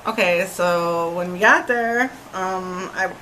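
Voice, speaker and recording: Young woman, excited storytelling, lowish voice, faint background hum. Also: slow pace, poor audio. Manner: excited, animated storytelling with laughs. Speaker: concert-goer. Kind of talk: casual chat.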